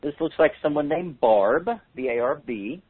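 A man's voice: on the high side, animated, normal speed, slightly rough. A man hosting a handwriting analysis seminar with callers, explaining in a chatty way with joking asides. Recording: tinny phone-line audio.

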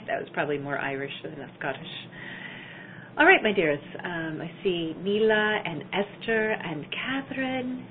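A woman's voice: fairly low pitch, animated, moderate pace. Chatty woman over a tinny line. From Minnesota, US. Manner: enthusiastic, chatty, many fillers. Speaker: energy healing teacher. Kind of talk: live online class. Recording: tinny phone-like line, faint noise.

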